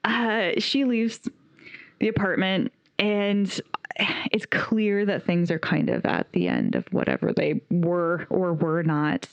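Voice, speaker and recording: A woman chatting casually on a podcast, gushing about a film as she recounts its scenes. Her delivery is animated, and laughter breaks in often. The recording is dull and lo-fi, in a dry, dead room. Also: on the low side, slow, creaky, dry recording. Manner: enthusiastic, animated retelling with frequent laughter. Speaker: podcast co-host reviewing a film. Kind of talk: casual chat.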